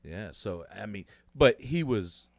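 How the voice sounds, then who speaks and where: A man's voice: fairly low pitch, expressive, slow pace, vocal fry, darkish tone, dry recording. A man co-hosting a casual podcast chat, telling a story in a rambling way with many fillers. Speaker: podcast co-host.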